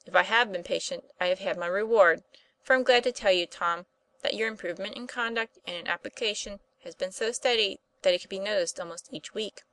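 A woman voicing a kindly, patient male schoolteacher who speaks earnestly and gently. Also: mid-range voice, brisk, dry recording, lightly acted, rough recording.

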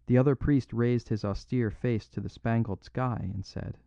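A man narrating a classic story in a measured, even storytelling manner. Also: on the low side, no echo. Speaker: audiobook narrator. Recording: dry, slightly dull lo-fi.

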